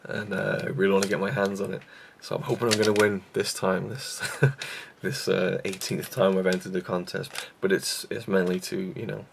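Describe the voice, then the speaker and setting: Against a noisy background, a young man with a low, gravelly voice talks flatly at a moderate speed. The YouTube reviewer is rambling casually in a vlog about his favorite films, self-deprecating and heavy on fillers and restarts.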